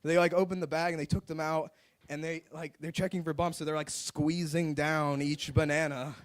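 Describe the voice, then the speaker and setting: A man's voice: on the high side, level tone, normal speed. A young man doing open mic stand-up comedy on a club stage, rambling and self-mocking, with lots of "like.". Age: young adult. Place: live music club stage.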